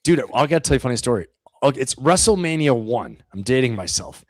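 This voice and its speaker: A middle-aged man chatting on a live stream, telling animated stories and acting out voices as he goes. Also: medium pitch, fast talker, no room sound. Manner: animated storyteller, acts out voices. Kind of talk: casual live-stream chat.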